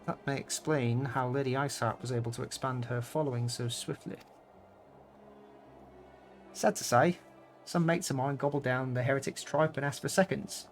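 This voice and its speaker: A man putting on a chatty low-born soldier with a put-on rustic accent. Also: steady tone, moderate pace, faint music behind, natural voice. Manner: chatty, drawling common speech. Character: low-born male soldier, folksy and candid.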